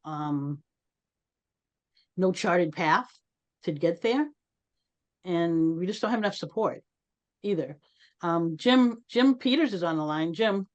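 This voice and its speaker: A woman with a slightly low voice leads an online community meeting in an earnest, conversational way. She speaks over a video call and turns to participants by name. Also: darkish tone, lo-fi sound. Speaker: host.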